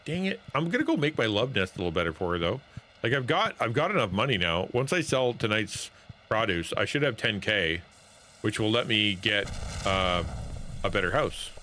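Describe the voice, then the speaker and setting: Lively, bright-voiced male game streamer. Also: on the low side, moderate pace, slight background noise. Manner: playful, jokey, talks to chat. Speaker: streamer and pastor. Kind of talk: live gameplay commentary.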